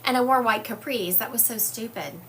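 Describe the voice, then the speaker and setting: On a phone or webcam livestream with slight background noise, a psychic medium from the US South talks at normal speed in a fairly high, somewhat bright voice. She keeps things casual, reading viewer comments out loud and leaning on fillers.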